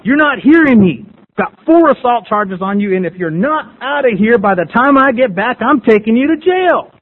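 A man voicing a short, stern small-town sheriff who gives gruff, blunt warnings. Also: very high voice, expressive, normal speed, pitched above the performer's own voice. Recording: tinny phone-like radio sound.

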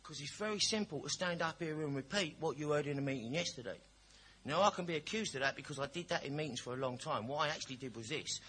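Male, candid recovery-meeting speaker, bright tense voice, storyteller with humour. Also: a little high, lively intonation, fast, breathy edge. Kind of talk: personal testimony at a recovery meeting.

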